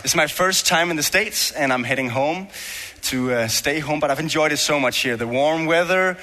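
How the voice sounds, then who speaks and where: A man's voice: on the high side, moderate pace, bright, forceful tone. Young Danish man preaching in a hall. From Denmark. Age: young adult. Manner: joking, self-deprecating, conversational. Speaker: guest preacher. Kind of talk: sermon. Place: church hall. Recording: long hall reverb.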